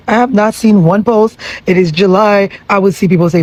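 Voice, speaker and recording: A man talking excitedly to camera in a casual selfie video, urging his viewers again and again to join him. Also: high voice, brisk, no echo, low-quality recording. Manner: excited, urging, repetitive hype. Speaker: vlogger.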